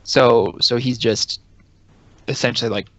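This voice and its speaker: A man playing in a tabletop game, hesitant and halting, with lots of fillers. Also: mid-range voice, steady tone, dry recording, highs cut off. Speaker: player. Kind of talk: casual tabletop play.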